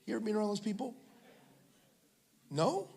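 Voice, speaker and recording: A man's voice: high-pitched, very animated, moderate pace, vocal fry, darkish tone. A male pastor preaching a sermon, telling humorous stories and joking with the congregation. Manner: humorous storytelling, jokes with the congregation. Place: church service in a school venue.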